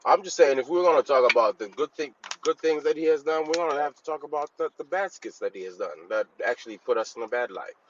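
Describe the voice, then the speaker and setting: A man's voice: fairly high pitch, animated. Stammering male caller on a dull line. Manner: halting, stammering, formal "sir". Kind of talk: heated call-in argument. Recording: dull call-in line with faint noise.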